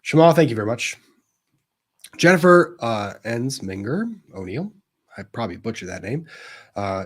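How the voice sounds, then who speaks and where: Man, attorney livestream host, reading chat comments, husky voice, mid-pitched. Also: sing-song, moderate pace, pauses often. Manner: conversational, reads out comments and responds frankly. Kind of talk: live-stream commentary reading viewer chat.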